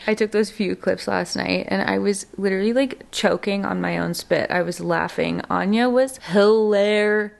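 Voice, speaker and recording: Young female vlogger at home, bubbly, chatty and excitable, mid-pitched with gravelly fry. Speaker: lifestyle vlogger. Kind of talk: casual vlog chat. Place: her home, indoors.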